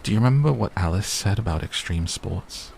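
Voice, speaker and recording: A pained young man holds his feelings behind an even, guarded delivery, as a male narrator voices him. His voice is very deep and gravelly, and his lines come out flat. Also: brisk, slight background noise.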